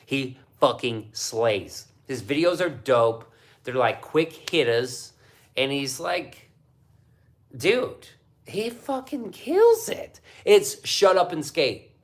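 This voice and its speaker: A man's voice: mid-range voice, slow pace. A man hosting a casual livestream, reading viewer chat and ranting with lots of swearing. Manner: profane, animated ranting. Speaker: livestream host.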